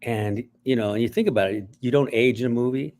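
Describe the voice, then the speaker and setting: A male writer and actor telling stories in an interview, animated and acting out bits along the way. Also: medium pitch, quick pace. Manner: animated, acts out voices, frequent restarts. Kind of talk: interview storytelling.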